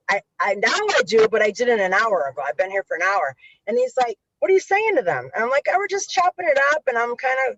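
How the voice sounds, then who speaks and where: This lo-fi clip with no room sound features a middle-aged woman of medium pitch and a slightly bright tone. She's an interview guest who works as a violence interrupter, telling animated stories, swearing freely, and mimicking the people she quotes.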